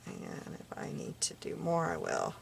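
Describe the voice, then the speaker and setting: A woman's voice: rumbling low, wildly swooping pitch, a little slow, vocal fry, whispered. A woman chatting casually while she makes paper crafts, muttering little asides to herself as she works. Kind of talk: casual crafting tutorial chat.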